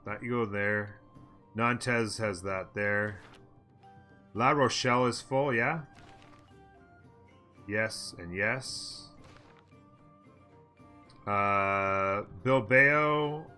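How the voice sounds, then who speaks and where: A man talks through a strategy game in live commentary, muttering his plans to himself and answering his viewers. His voice sits fairly low but sounds very bright and forceful, with a tense edge. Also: very slow, pauses often, faint music behind. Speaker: let's play host.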